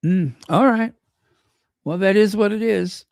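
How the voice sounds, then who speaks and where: A man's voice: high voice, unhurried, creaky, a little mellow, dry recording, studio quality. A man hosting a commentary channel, reading news aloud with chatty, sarcastic asides to his viewers. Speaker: royal commentary channel host.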